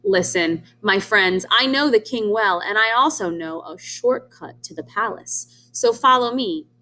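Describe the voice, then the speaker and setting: A woman voicing a sly male fox who tricks the other animals, talking slowly in a sugary, falsely polite way. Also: medium pitch, pushed and bright. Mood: persuasive.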